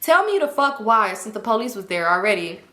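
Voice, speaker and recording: A young woman telling a story in a casual, animated, profane way, often laughing as she talks. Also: mid-range voice, brisk. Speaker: storytime vlogger. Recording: roomy echo.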